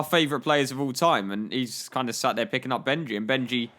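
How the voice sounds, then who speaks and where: A young gaming YouTuber with a brisk, slightly bright mid-range voice comments on his football game. His comedic commentary wanders through jokey, rambling stories packed with "like."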